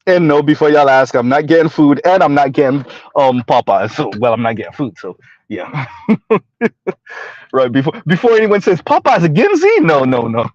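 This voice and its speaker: A man hosting a casual livestream, talking directly to his viewers and slowing down to make his points very deliberately. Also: medium pitch, expressive, darkish tone, dry recording, muffled recording. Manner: addresses viewers directly, slows down to stress points; refers to himself in the third person. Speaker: livestream host reading chat comments.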